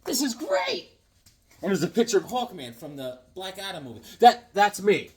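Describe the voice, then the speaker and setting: A man hosting a casual unboxing vlog, talking in an excitable, goofy, joking way. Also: high-pitched, normal speed, crowd noise. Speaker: comics vlogger unboxing a package.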